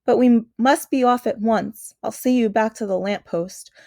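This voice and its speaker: A gentle, fretful male faun speaks with earnest, polite remorse, as a woman reads him aloud. The voice sits a little high and the recording is close and dry, with no room sound. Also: normal speed, dry recording, close to an everyday voice. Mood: urgent. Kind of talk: storybook reading.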